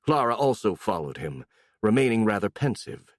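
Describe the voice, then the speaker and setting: A man narrating a fantasy audiobook in an expressive way, switching voices for the characters. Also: on the low side, moderate pace, no room sound, clean studio sound.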